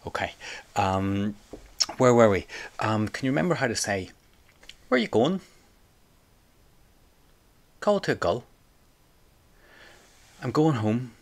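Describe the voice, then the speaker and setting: Patient slow-paced male tutor. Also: on the low side, expressive. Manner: patient prompting, repeats phrases for learner. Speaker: language teacher. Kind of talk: audio language lesson drills.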